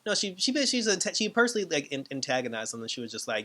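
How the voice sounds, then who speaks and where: A man casually recapping and reviewing a TV episode, talking in a rambling, animated way with many fillers and laughs. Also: medium pitch, quick pace. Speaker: TV show reviewer.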